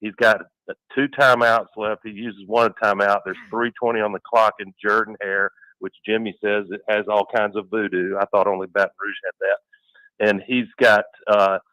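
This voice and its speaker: A man's voice: lowish voice, flat delivery, moderate pace, bright, forceful tone, no echo, poor audio. A man co-hosting sports radio in casual talk, analytical and fond of building vivid game scenarios.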